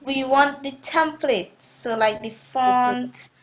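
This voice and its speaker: A woman's voice: high voice, slow. A woman giving step-by-step directions in a casual video call. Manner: instructive, gives step-by-step directions. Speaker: team member showing the steps.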